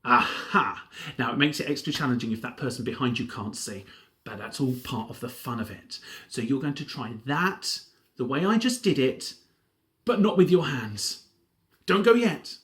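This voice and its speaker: Animated man leading a drama class. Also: mid-range voice, moderate pace. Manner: lively and animated, with playful character voices. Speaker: drama workshop leader. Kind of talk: home drama lesson, playing a TV presenter.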